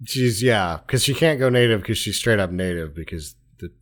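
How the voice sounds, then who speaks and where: A man's voice: fairly low pitch, lively intonation, normal speed. A man co-hosting a podcast, trading dry wisecracks about a movie. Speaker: podcast co-host. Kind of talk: casual comedic movie chat.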